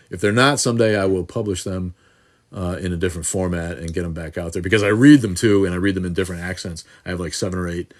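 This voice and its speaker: Host, male, very low voice, irreverent and crude, chatty live-stream feel, phone selfie mic. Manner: irreverent, crude joking, rambling. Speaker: livestream host answering viewer questions. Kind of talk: casual live chat. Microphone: phone camera in selfie mode.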